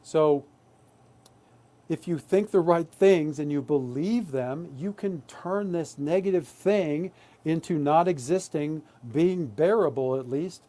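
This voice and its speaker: An adult man's warm, slightly high voice leads a live online workshop; he speaks earnestly, frequently checking in with "right?".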